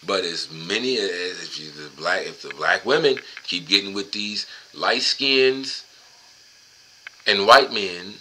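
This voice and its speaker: Sharp-voiced man ranting between book passages. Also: low voice, animated, takes it slowly, slight background noise, low-quality recording. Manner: profane, rambling and emphatic. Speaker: host reading a book aloud. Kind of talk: casual monologue mixing reading and ranting.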